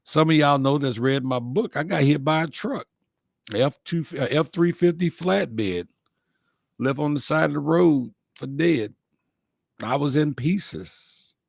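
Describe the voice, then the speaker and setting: Here the inspirational livestream host sounds on the high side and gravelly, talking a little slowly. Folksy and heartfelt, he delivers motivational words straight from the heart and repeats his main lines. Clean studio audio, no room sound at all.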